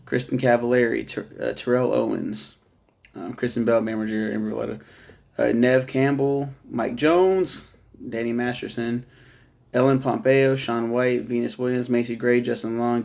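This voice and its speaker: A man's voice: mid-range voice, gravelly, a little mellow. A man casually reviewing a TV show in a rambling, profane monologue, laughing at his own jokes.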